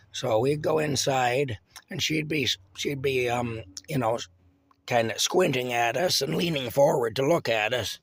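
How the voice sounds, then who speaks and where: A man's voice: medium pitch, a little slow, gravelly, slightly rough, no echo. A man casually reminiscing about his childhood hometown, rambling with fillers, restarts and chuckles. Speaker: storyteller.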